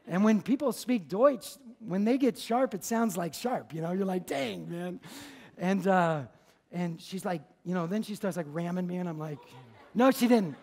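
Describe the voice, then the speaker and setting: A man preaching as a pastor, telling a story in a lively, conversational, jokey way. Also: sits high, moderate pace. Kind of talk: sermon with storytelling. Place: church service.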